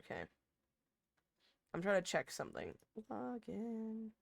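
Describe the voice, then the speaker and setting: A young woman streamer chatting casually with her chat, rambling and interrupting herself, now and then breaking into loud laughter. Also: medium pitch, wildly swooping pitch, a little slow, creaky, pauses often, no room sound.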